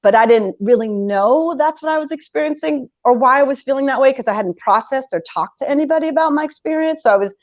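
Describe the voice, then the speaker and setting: A woman in her forties, a podcast guest telling a personal story in conversation, animated and quick to laugh as she acts out her past reactions. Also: sits high, no room sound. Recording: dull lo-fi sound, dry.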